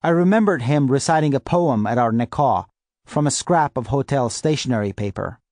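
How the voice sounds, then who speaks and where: Steady male audiobook narrator, dry sound. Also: mid-range voice, normal speed, no echo. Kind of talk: first-person audiobook narration.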